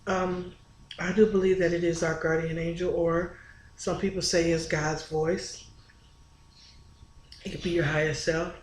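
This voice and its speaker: A woman's voice: on the low side, little pitch movement, measured pace, long pauses. A woman talking to her viewers in a casual, confessional vlog, earnest and candid, often restarting her sentences. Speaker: spiritual vlogger. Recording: echoey room with faint ambience.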